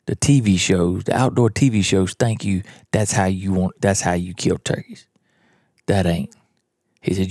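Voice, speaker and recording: A man's voice: on the low side, vocal fry, mellow, slightly rough, no echo, studio quality. A man, telling a hunting story in a folksy, blunt, drawling way as a podcast host. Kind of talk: storytelling monologue.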